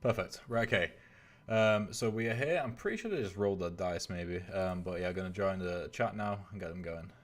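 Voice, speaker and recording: Brief: deep-voiced male host, loose rambling game commentary, lots of ums. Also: a little fast. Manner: casual, rambling, many filler sounds. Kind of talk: live stream game commentary.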